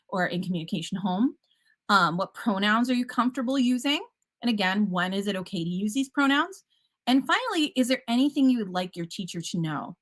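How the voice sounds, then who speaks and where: A woman's voice: medium pitch, fairly bright tone. A woman teacher giving a conference presentation, upbeat and enthusiastic, with casual fillers and self-corrections. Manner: upbeat, enthusiastic, a bit punny.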